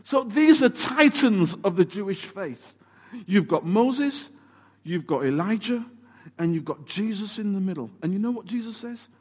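A man preaching a sermon, telling the story in an animated, emphatic way and asking rhetorical questions. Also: sits high, normal speed, husky. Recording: long hall reverb.

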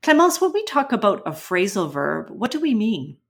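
A woman co-hosting an English-learning podcast, explaining pronunciation and vocabulary clearly and patiently. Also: medium pitch, very animated, moderate pace. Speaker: English teacher co-host. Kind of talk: educational podcast chat.

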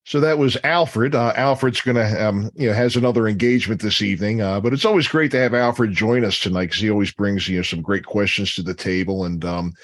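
A man's voice: lowish voice, a little fast, few pauses, no echo. A man hosting a casual chat, talking hesitantly with many fillers. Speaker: host.

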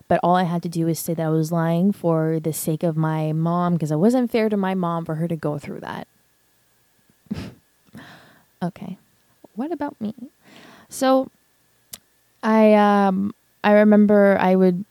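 A woman's voice: on the low side, vocal fry, dark tone, no room sound. A young woman hosting a podcast, telling a raw personal story candidly, with lots of swearing and fillers. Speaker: podcast host. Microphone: podcast mic.

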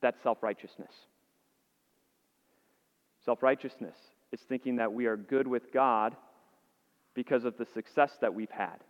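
A male pastor preaching a sermon to his congregation. He asks the listeners earnest rhetorical questions and repeats words as he restarts phrases. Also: medium pitch. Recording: dull, echoey hall sound.

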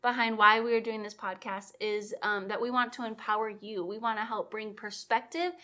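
A woman co-hosting a faith podcast in casual chat, upbeat and quick to laugh, with lots of fillers. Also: medium pitch, steady tone, sharp tone. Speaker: podcast co-host.

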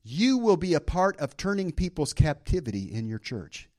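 A man's voice: on the high side, sing-song, moderate pace, darkish tone. A man preaching a sermon as pastor to a church congregation, emphatic, dropping in amens and calls of praise.

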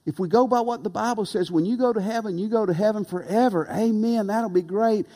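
A man preaching a sermon as pastor, earnest and emphatic, with dramatic pauses. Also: high voice, warm tone. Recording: long reverb of a large hall.

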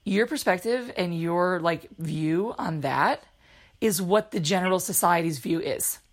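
A young woman hosting a casual podcast, talking fast and chatty, laughing and teasing, recorded on a phone at home. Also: lowish voice. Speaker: podcast host.

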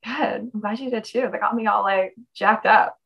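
A woman's voice: medium pitch, fairly even intonation, moderate pace, creaky, dull audio. A young adult woman coaching someone in a conversation, talking in an emphatic, direct and encouraging way.

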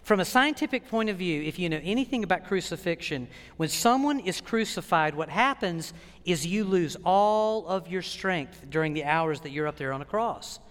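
A man preaching a sermon as pastor, animated and emphatic, with dramatic pauses. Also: high voice. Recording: long hall reverb.

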